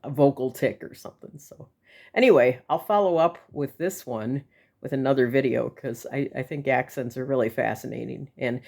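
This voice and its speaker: A woman's voice: extremely low pitch, normal speed, gravelly, darkish tone. Chatty woman with a Milwaukee accent. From Milwaukee, Wisconsin. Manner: chatty and enthusiastic, with laughs and fillers. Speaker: vlogger. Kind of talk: casual chat to camera.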